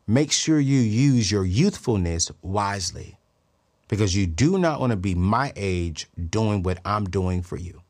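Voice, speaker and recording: A man voicing a gentle elderly housekeeper. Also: on the low side, animated, a little slow, voice pushed down. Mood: earnest.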